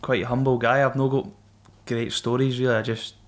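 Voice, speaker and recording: A man's voice: medium pitch, little pitch movement, a little fast. A young Scottish man, a former Marine guest on a podcast, telling stories in casual, sweary banter. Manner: swearing, banter-filled storytelling. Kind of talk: casual chat.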